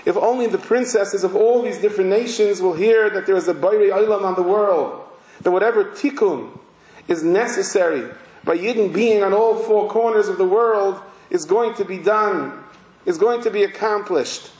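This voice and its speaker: Man, rabbi, high voice, dramatic sermon storytelling, roomy echo. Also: a little mellow. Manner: slow, emphatic, vivid narration.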